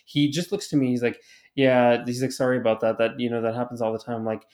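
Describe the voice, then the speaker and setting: A man's voice: mid-range voice, little pitch movement, fast talker, darkish tone. A man co-hosting a podcast, telling a story in casual chat, rambling with lots of fillers, restarts and swearing. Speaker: podcast co-host.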